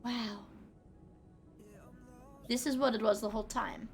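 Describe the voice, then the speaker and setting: A woman's voice: fairly high pitch, fairly even intonation, unhurried, creaky, pauses often, soft background music. A young woman streaming a game, chatting casually, swearing freely and often restarting her sentences. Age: young adult. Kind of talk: casual gaming livestream chat.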